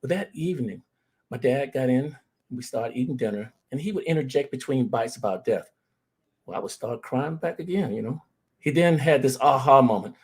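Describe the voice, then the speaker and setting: A man's voice: medium pitch, expressive, brisk, husky. A man giving an earnest presentation on grief, telling personal stories and speaking to the audience as family. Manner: earnest, addresses the audience as "fam".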